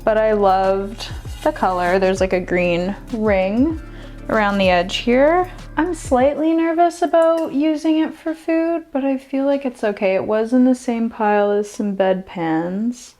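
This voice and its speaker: A woman's voice: a little high, unhurried, a little mellow. A young woman chatting casually and enthusiastically as she shows off her thrift finds, trailing off and restarting now and then. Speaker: vlogger showing thrift finds. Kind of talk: casual show-and-tell chat. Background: faint background music.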